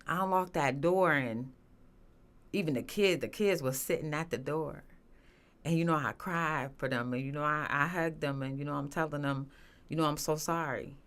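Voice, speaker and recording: A woman telling her personal story as a guest, earnest and halting, with many restarts and fillers. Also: deep voice, a bit bright. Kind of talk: emotional personal testimony.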